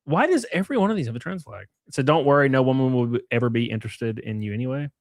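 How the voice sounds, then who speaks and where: A man streams live at a middle pitch, talking loosely and crudely with frequent laughs. His voice is dry and close to the mic, with no room around it. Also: animated, fast talker, no echo. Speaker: streamer reacting with chat. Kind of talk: casual livestream chat.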